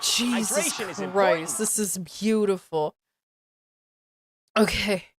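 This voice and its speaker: A young woman with a medium-pitched, unhurried voice reads aloud during a stream, reacting with disbelief and frequently dissolving into giggles. It's casual live-stream commentary, and there's noise in the background.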